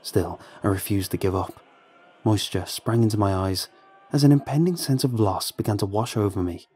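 Dark, husky man narrating horror. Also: fairly low pitch, normal speed. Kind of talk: scripted horror story narration.

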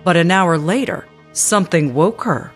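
A woman narrating a true-crime documentary in a measured, grave storytelling manner. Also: fairly low pitch, animated. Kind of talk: scripted narration. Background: music under narration.

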